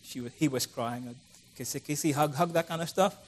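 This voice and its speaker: Animated preacher man, fairly high voice. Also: brisk. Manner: conversational, animated, acts out quoted voices. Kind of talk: sermon.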